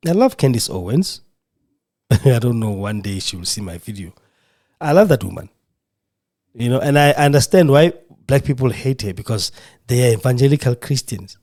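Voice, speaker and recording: Fervent man, animated. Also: medium pitch, moderate pace. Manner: emotional, preaching fervor. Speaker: podcast host. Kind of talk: impassioned monologue. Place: radio studio.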